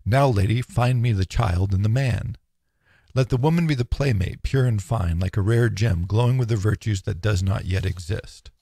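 A man with a low, gravelly voice reads a philosophical text in a measured, solemn declamation. The recording is dry and close, with no room sound. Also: mellow, dry recording. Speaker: narrator. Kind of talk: audiobook reading of philosophy.

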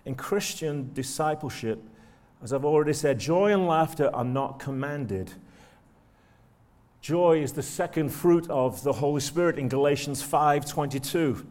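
A man's voice: a little high, animated, moderate pace, a little mellow. A man preaching a sermon in a church, speaking conversationally and often turning to the listeners with rhetorical tag questions.

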